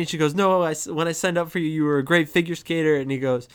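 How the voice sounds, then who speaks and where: A man with a smooth, resonant voice chats about a comedy film on a podcast. He laughs easily and slips into quoted lines with obvious delight. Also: fairly high pitch, fairly even intonation, fast, few pauses. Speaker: podcast co-host. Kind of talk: casual movie chat.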